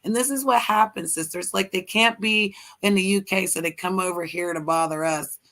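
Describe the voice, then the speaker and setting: A woman from Pennsylvania with a Pennsylvania accent, chatting casually and rambling with halting restarts. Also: medium pitch, a bit bright. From Pennsylvania, United States. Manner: rambling, halting, quick to laugh. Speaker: streamer and guest. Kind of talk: casual chat.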